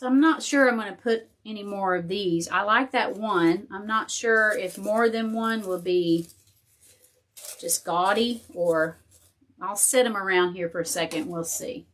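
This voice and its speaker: Woman, casual crafting tutorial, thinking aloud, middle pitch. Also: measured pace, a bit bright. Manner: chatty, thinking aloud while working, talks to viewers and her dog.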